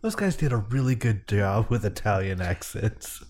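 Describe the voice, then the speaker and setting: A man's voice: fairly low pitch, animated, normal speed, darkish tone. A middle-aged man co-hosting a podcast, joking and laughing often in casual chat during a movie watch party. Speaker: podcast co-host.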